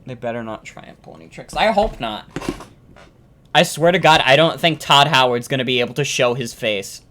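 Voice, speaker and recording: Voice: mid-range voice, moderate pace, fairly bright tone, a little hiss or hum. A streamer chatting casually on a live reaction stream, ranting and swearing about games, often repeating themselves.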